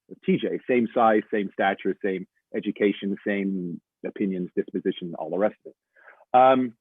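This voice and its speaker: A man's voice: medium pitch, no echo. Chatty English guy over tinny line. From England. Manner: animated storyteller, chatty, says mate and man a lot. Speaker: voice actor guest. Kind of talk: casual panel chat.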